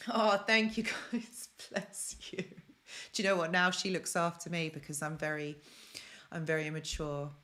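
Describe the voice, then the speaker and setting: A woman's voice: low voice, little pitch movement, normal speed, bright, forceful tone, soft background music. London-born woman hosting a live stream. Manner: chatty, repeats phrases for emphasis, reads out viewer comments. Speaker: host of a self-help live stream. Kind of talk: casual live-stream coaching talk.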